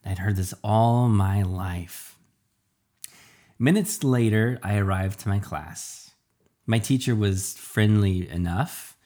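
A man tells a comic first-person story with a dry, deadpan delivery and self-deprecating timing. His voice sits on the low side, and he stammers here and there when the narrator gets nervous.

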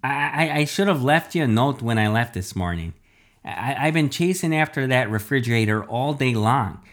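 A man's voice: medium pitch, expressive, moderate pace, fairly bright tone, voice pushed up, lightly acted. A man voicing a nervous, stammering middle-aged scientist father in a storybook reading. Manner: stuttering, hesitant and nervous.

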